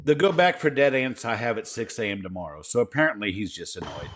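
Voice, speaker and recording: A man's voice: fairly low pitch, lively intonation, fast. A man co-hosting a podcast, laid-back and profane, reading listener stories aloud between casual banter. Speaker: podcast co-host.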